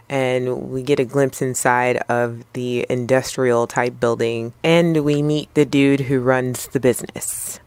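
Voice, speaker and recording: A woman hosting her own channel, recapping a film in a relaxed, chatty way with playful slang and jokey asides. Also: extremely low pitch, clear, resonant tone. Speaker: movie review vlogger. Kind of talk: casual spoken movie review.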